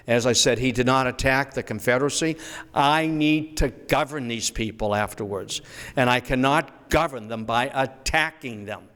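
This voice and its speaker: A man's voice: medium pitch, a bit bright. Man lecturing in an echoing hall. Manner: storytelling, slows down to recite quotations. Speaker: history lecturer. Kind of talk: public history lecture. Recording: echoey hall.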